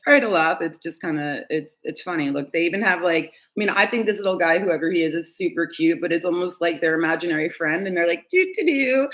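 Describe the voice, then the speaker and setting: A woman's voice: lowish voice, a bit bright. A woman giving a casual tarot reading to camera, chatty and candid, laughing often and swearing casually. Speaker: tarot reader.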